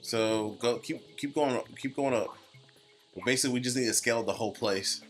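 A man's voice: mid-range voice, brisk, fairly bright tone, faint music behind. A man commentating a video game with a friend in casual, profane, teasing banter. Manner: profane, teasing, bursts into made-up song. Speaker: let's play commentator.

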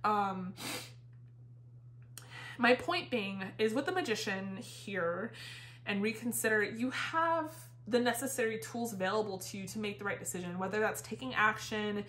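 A woman's voice: medium pitch, moderate pace, fairly bright tone. A woman giving a casual, rambling tarot reading, a little out of breath, with lots of fillers and the odd swear word. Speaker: tarot reader. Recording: roomy echo.

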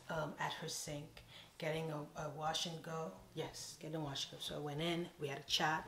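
A woman from an island, telling a casual storytime with playful, animated asides. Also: low voice, slight background noise. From Caribbean island. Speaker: vlogger. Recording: echoey room.

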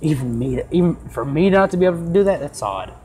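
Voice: mid-range voice, animated, fast, a little mellow, slight background noise. A let's play gamer giving joking, self-mocking commentary while reading game dialogue aloud. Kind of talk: casual gameplay commentary.

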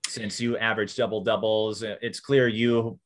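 A man's voice: fairly low pitch, flat delivery, moderate pace. A man interviewing a young athlete for a sports show, teasing her playfully and laughing along. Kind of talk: casual interview.

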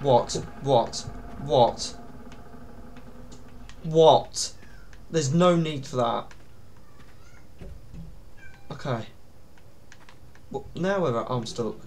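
A man's voice: mid-range voice, expressive, drawn-out words, long pauses, a little mellow, slight background noise. A young man, commenting on a horror game in a panicky, pleading way, with yelps and nervous laughs. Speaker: gaming YouTuber.

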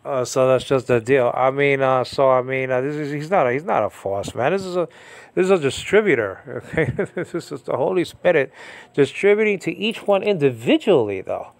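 A man's voice: medium pitch, animated, normal speed, creaky, no room sound. A man giving an informal Bible lesson on Greek words, rambling and often asking the listener if they understand. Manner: rambling, repeats questions to listener. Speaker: Bible teacher.

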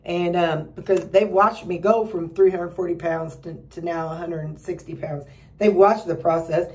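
A woman's voice: steady tone, moderate pace, darkish tone, recorded from a distance. A middle-aged woman giving a rambling, casual pep talk to her viewers, full of fillers and restarts. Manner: acts out quoted relatives in a higher voice. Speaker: weight-loss vlogger.

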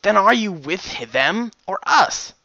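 A man voicing a bold, blunt female pegasus explorer in a storybook reading, pitching his voice up and speaking in clipped lines. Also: big pitch swings, measured pace, pushed and bright, dry recording, highs cut off, full character voice.

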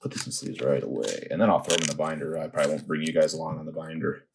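A man casually telling a long story and then opening trading card packs, rambling and animated, with excited outbursts. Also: a bass voice, rapid-fire, creaky, noisy background.

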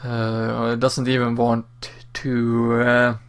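A man hosting a let's play, giving relaxed, casual commentary with mumbled asides. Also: mid-range voice, slow, clear, resonant tone.

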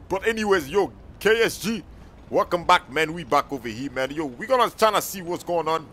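A young man hosting an improvised game role-play, loud and excitable, talking in slang and calling out to his viewers. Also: fairly high pitch, a little fast, slight background noise. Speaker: channel host.

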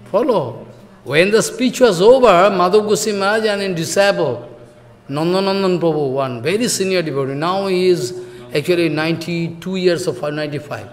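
A man with a high voice tells a devotional story in simple non-native English. He acts out the quotes and keeps asking his listeners if they follow. The voice hangs in a long echoing hall. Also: normal speed. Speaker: spiritual teacher.

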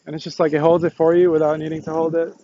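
A man's voice: on the high side, flat delivery, fast talker, dark tone, lo-fi sound. A young man livestreaming outdoors on a selfie stick, hyped and laughing, sweaty and out of breath as he walks. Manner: hyped, laughing, talks to passersby. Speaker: streamer. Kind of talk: walking livestream chat. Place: outdoors, on a campus. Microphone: phone on a selfie stick.

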